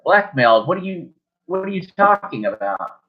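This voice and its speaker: A man's voice: sits high, sing-song, normal speed, pitched above the performer's own voice. A man voicing an indignant young cousin who demands answers. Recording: dull lo-fi recording.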